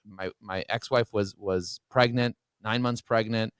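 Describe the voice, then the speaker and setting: Podcast guest, man, standing, open and feeling, lots of restarts; low voice, dry. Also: steady tone, unhurried, clear, resonant tone, no echo. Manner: emotional, open, many restarts. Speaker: podcast guest, business owner. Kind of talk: candid interview talk. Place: standing while talking.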